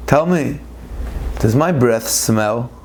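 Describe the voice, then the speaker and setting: A man's voice: medium pitch, expressive, slow pace, darkish tone, slight background noise. A man voicing a haughty, short-tempered male lion king in a spoken parable, demanding and indignant. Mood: imperious.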